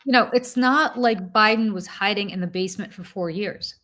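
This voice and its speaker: A woman's voice: medium pitch, normal speed, a bit bright. A woman co-hosting a live political talk show, making pointed arguments.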